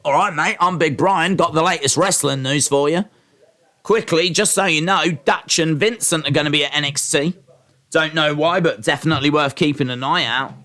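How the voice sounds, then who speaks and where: A man's voice: on the high side, normal speed, pushed and bright. A man voicing a brash wrestling-news bloke with a put-on Australian accent, delivering breezy news flashes. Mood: chirpy.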